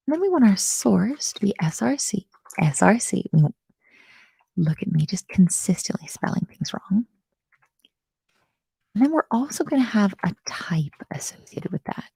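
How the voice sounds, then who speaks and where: A woman's voice: mid-range voice, very animated, normal speed, creaky, long pauses, mellow, husky, no room sound. A woman teaching web coding live, bubbly and self-mocking, often murmuring half-whispered asides. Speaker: coding instructor.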